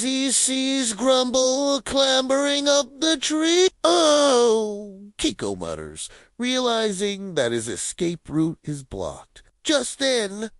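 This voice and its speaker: A woman narrating a cartoon story in an expressive storybook manner. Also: medium pitch, dry recording. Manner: expressive, animated.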